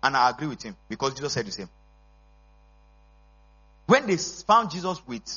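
A male pastor preaches in a church service, pushing his points with call-and-response and sudden shouts. His voice is high, bright and husky, swinging widely in pitch. The recording is dull and lo-fi, with a steady mains hum underneath. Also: brisk, pauses often. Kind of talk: sermon.

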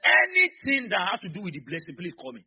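A Nigerian pastor preaches to his church in a husky, bright, sharp voice that leaps up and down in pitch. He moves from murmured asides to loud bursts, and the recording sounds muffled. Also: wildly swooping pitch, fast talker. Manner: preaching with sudden shouts and acted asides. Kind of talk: sermon.

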